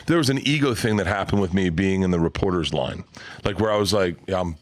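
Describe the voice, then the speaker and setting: A man on a podcast telling animated, profane stories in casual chat. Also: sits low, fast talker. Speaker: podcast guest.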